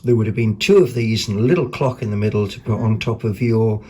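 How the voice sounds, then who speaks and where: A man hosting a vlog, chatting casually about second-hand finds in a rambling, excitable way, full of ums and self-corrections. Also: lowish voice, fast talker, slightly rough. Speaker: vlog host.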